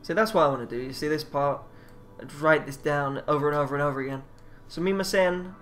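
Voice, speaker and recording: Man, rambling, swearing, slightly high voice, faint background music. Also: flat delivery, quick pace, a bit bright. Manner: rambling, swears, mumbles while reading aloud. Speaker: vlogger. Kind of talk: casual self-taught language study.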